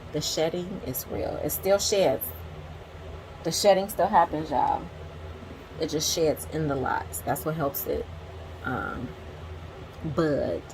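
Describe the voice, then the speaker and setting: A low-voiced woman in her forties hosts a casual vlog, reading book quotes aloud and adding candid commentary. She talks straight to her viewers in a chatty, open manner, with a faint hiss behind her. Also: a bit bright, poor audio. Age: 40s. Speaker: teacher and book vlogger.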